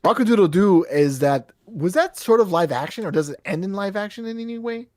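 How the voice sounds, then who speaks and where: A man's voice: high voice, brisk, no room sound, studio quality. A man co-hosting a podcast, chatting casually, joking and swearing a lot. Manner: animated, swears a lot, jokey. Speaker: podcast co-host. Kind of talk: casual chat.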